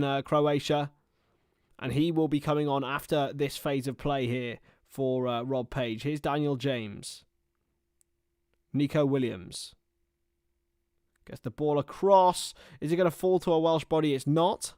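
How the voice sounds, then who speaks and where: Young man, casual football watchalong commentary, chatty tangents, middle pitch, dry close sound. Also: a little slow, pauses often, darkish tone, clear, resonant tone, dry recording. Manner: chatty, rambling asides between play-by-play.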